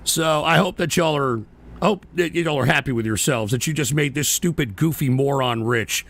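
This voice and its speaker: A man's voice: a little high, moderate pace, a bit bright. A man hosting a live-stream show, ranting in casual, profane and combative commentary and mocking viewers who send messages. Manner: talks back to viewer messages.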